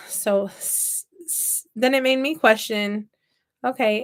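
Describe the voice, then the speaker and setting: A woman's voice: on the high side, slow. Chatty woman telling stories while crafting. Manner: chatty, playful storyteller; talks while working with her hands. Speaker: toy repair vlogger. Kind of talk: casual chat while crafting.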